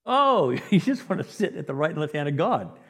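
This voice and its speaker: A man preaching a sermon as a pastor, animated and acting out the voices of the people in the story. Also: on the high side, brisk, breathy edge. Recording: echoey hall with long reverb.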